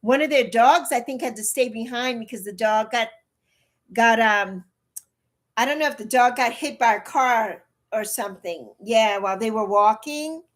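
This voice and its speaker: A woman's voice: fairly high pitch, normal speed. A woman in her early sixties chatting bluntly on a livestream, repeating herself for emphasis and answering her chat. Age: 60s. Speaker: livestream host.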